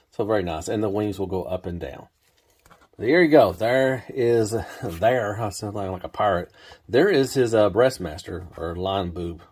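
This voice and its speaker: Male toy reviewer, deep voice, casual, rambling, unscripted. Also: darkish tone. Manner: rambling, filler-heavy, laid-back.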